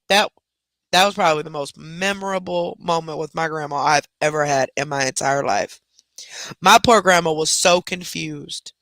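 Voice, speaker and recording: A woman host telling a family story in a casual, animated chat, swearing freely as she goes. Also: fairly low pitch, dry recording.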